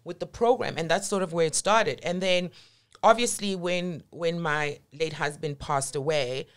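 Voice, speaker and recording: Blunt low-voiced woman. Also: moderate pace, smooth. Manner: blunt and emphatic, swears freely. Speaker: podcast guest. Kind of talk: candid conversational storytelling.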